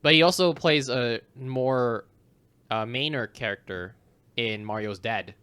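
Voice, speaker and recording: A man co-hosting a casual movie podcast, talking loosely, swearing now and then, and slipping into quick character impressions. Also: mid-range voice, sharp tone, smooth, no echo. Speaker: podcast co-host. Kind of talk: casual film review chat.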